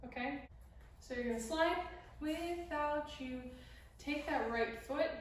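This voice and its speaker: A woman's voice: high-pitched, a little hiss or hum. A young woman teaching a beginner dance routine, talking while she demonstrates the moves and sometimes out of breath. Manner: talks while demonstrating moves, counting and singing lyric snippets. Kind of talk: casual dance tutorial instruction. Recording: very echoey room, speaker far from mic.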